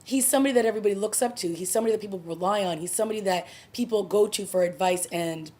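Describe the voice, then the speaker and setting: A woman's voice: medium pitch, very fast, warm tone. A woman casually reviewing a TV episode, recapping the plot in a chatty, conversational way. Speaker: TV review vlogger.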